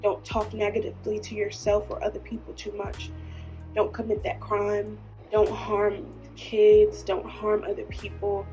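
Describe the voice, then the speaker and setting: A woman's voice: mid-range voice, monotone, unhurried, mellow, faint music behind. Tearful woman podcaster, earnest and emotional. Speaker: podcast host. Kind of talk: heartfelt solo podcast talk.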